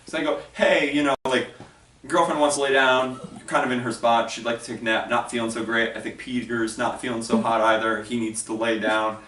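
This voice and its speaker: A man's voice: medium pitch, a little fast. A man telling a story in a casual vlog, swearing freely and acting out what others said. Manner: animated, swears freely, quotes people in put-on voices. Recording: echoey room, mic at a distance, faint noise.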